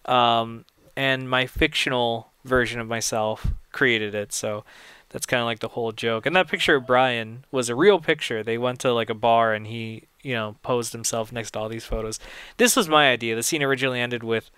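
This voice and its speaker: A man's voice: medium pitch, steady tone, normal speed, pushed and bright, smooth, no echo. A young man giving casual audio commentary on his own film, rambling and chatty, often laughing at his own jokes.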